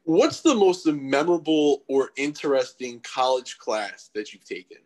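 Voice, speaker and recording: A man's voice: mid-range voice, very animated, measured pace, darkish tone. Upbeat male interviewer. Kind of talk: interview questions.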